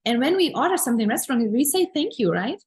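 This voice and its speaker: A woman's voice: on the high side, expressive, rapid-fire, a little mellow, slightly rough, low-quality recording. Woman teaching manifestation with gushing enthusiasm. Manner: earnest, repetitive, emphatic affirmations; enthusiastic, gushing about pleasure and gratitude. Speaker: manifestation coach. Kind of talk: spiritual teaching talk.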